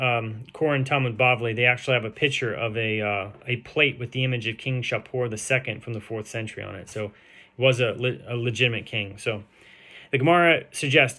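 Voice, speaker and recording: A man reading a translated Talmud page aloud and explaining it, slowing down to sound out the Hebrew and Aramaic terms, with frequent ums and uhs. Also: mid-range voice, pushed and bright. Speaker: Talmud teacher.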